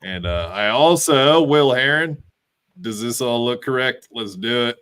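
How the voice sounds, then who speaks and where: A man's voice: mid-range voice, expressive, unhurried, a bit bright, clear, resonant tone. A man hosting a podcast in casual chat, laid-back as he thanks supporters and plugs his guest. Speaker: podcast host.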